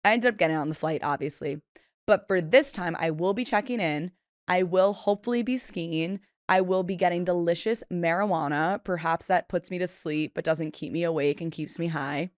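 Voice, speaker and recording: A young woman in her twenties talks through a solo podcast episode in a loose, chatty, self-deprecating way, playing out the people she quotes. Her voice sits low for a woman. The sound is dry and close, with no room around it. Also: normal speed, dry recording. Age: 20s. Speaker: podcast host. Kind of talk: casual solo podcast storytelling.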